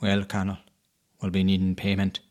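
A man voicing a big one-eyed male cat who leads a pack, with a loud, drawn-out commanding delivery. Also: deep voice, completely flat delivery, lightly acted. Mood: menacing.

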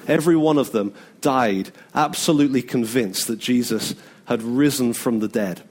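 A man's voice: medium pitch, normal speed, a little mellow. A man preaching a sermon in a casual, conversational way, often acting out the people he quotes. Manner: conversational, acts out quoted speech. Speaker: pastor.

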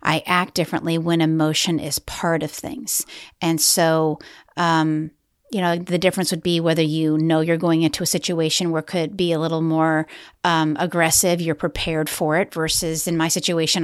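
A woman's voice: sits low, no room sound, clean studio sound. A middle-aged woman co-hosting a podcast, talking through a personal experience in a reflective way. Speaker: podcast co-host. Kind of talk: conversational podcast talk.

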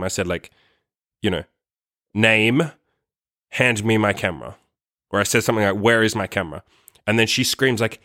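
A man tells a long story straight to camera in a loose, rambling vlog style. His speech is full of "like" and casual swearing, carried on a somewhat low voice. The sound is dry, with no room echo. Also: bright, forceful tone. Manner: rambling, profane, heavy use of "like". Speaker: vlogger.

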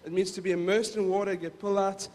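High-voiced pastor in a reverberant hall. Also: male voice, fairly even intonation, quick pace, darkish tone. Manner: conversational, rambling, repeats words. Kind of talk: casual sermon.

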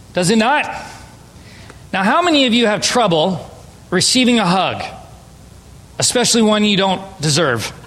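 High-voiced pastor preaching in a reverberant hall. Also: male voice, a bit bright. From Southern California. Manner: conversational, playful with audience. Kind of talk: sermon. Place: church sanctuary.

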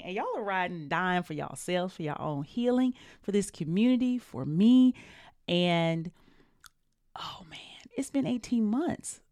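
A woman's voice: on the low side, darkish tone, dry recording, clean studio sound. A woman, hosting her own podcast in an earnest, emotional, encouraging way, casual and full of slang. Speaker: podcast host. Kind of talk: heartfelt solo podcast talk.

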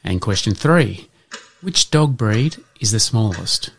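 A man hosting an educational podcast, reading out answers in a measured way and slipping in dad jokes. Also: lowish voice, lively intonation, vocal fry, fairly bright tone, a little hiss or hum. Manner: measured, spells things out, slips in dad jokes. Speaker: podcast host.

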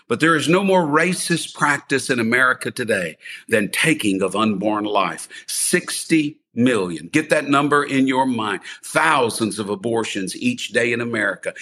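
A man's voice: mid-range voice, pushed and bright, breathy edge. A male pastor preaching a fervent sermon with repeated refrains and calls to the congregation.

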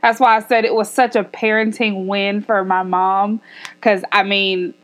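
A woman's voice: mid-range voice, little pitch movement, unhurried, fairly bright tone. A young woman co-hosting a podcast, chiming in supportively during a casual chat. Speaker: podcast co-host.

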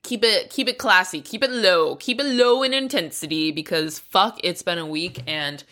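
A woman's voice: on the low side, lively intonation, moderate pace, bright, forceful tone. A young adult woman talking candidly in a casual training vlog, swearing freely and laughing at herself. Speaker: climbing vlogger.

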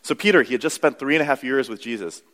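Chatty young pastor in a reverberant hall. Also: male voice, mid-range voice, quick pace, fairly bright tone. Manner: conversational, self-deprecating, many "you know"s. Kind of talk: sermon.

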